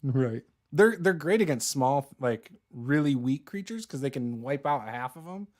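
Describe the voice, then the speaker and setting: A man's voice: medium pitch, expressive, normal speed, a little mellow. A man narrating a tabletop game as game master, vivid and cinematic, laughing often.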